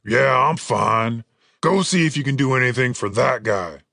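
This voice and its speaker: A man voicing a gruff, terse axe-wielding fighter who speaks slowly and curtly. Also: mid-range voice, animated, bright, forceful tone, dry recording, studio quality, full character voice. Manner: slow, gravelly and curt.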